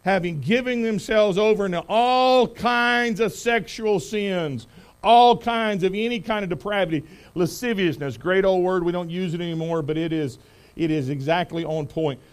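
A middle-aged man preaching, reading scripture with loud emphasis on key words and praying in a soft, hushed voice. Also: high voice, normal speed. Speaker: pastor. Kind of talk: sermon with scripture reading and prayer.

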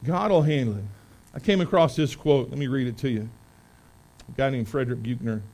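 A man preaching a sermon to his church, folksy and conversational, swinging between loud emphasis and quiet asides. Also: medium pitch, fairly quick, poor audio. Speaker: pastor. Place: church sanctuary.

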